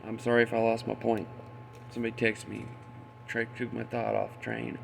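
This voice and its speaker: A man's voice: mid-range voice, monotone, moderate pace, vocal fry, background noise. A man delivering a rambling, profane, indignant monologue, sometimes losing his train of thought. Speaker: conspiracy commentator.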